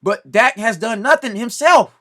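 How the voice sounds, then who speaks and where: Casting: high-pitched man, preachy scolding video rant. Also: normal speed, bright, forceful tone. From Southern California. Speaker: video commentator. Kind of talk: ranting commentary to camera.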